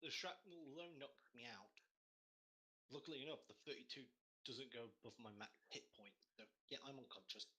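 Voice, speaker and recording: Bright-voiced man playing a tabletop game. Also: mid-range voice, animated, a little fast. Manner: blunt, sweary, dramatic. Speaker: player.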